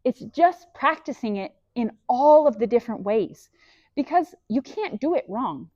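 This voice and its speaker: A woman's voice: on the high side, lively intonation, a little slow, a little mellow, no echo, dull audio. A woman leading a guided breathing lesson, enthusiastic and encouraging, mixing body facts with faith, speaking into a clip-on mic. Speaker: breathwork instructor. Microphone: clip-on microphone.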